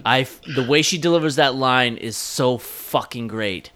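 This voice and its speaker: A man's voice: medium pitch, moderate pace, a bit bright. A man co-hosting a movie podcast, talking in an enthusiastic, casual way and swearing freely. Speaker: podcast co-host. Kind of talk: casual chat.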